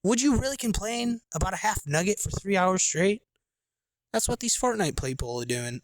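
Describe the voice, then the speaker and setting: A man in his late twenties chats loosely about games, piling up fillers and slang in a fairly high voice. He talks from a camping chair outdoors. The sound is close and dry. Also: expressive, moderate pace, dry recording. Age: late 20s. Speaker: gaming podcast host. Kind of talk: casual rambling monologue.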